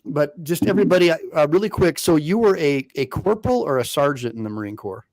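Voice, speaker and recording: A man's voice: on the high side, expressive, fairly quick, a little mellow. A man in his fifties from the United States, an attorney hosting a casual livestream, talking in a rambling way with many restarts.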